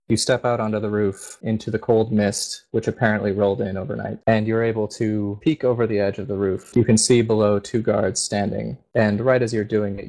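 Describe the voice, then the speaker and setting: A man with a low voice runs a tabletop game as game master. He narrates scenes in a steady, descriptive way. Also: rough recording.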